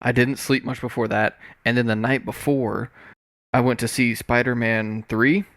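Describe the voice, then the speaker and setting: Young man, podcast co-host, casual chat, halting restarts, dry close mic. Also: mid-range voice, level tone, fairly bright tone, no echo. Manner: halting storyteller with many restarts and fillers.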